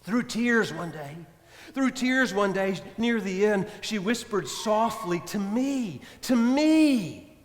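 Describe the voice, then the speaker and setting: A man's voice: high voice, sing-song, slow. A male priest preaching a sermon, telling stories emphatically, repeating refrains and speaking directly to the congregation. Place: church. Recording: long church reverb.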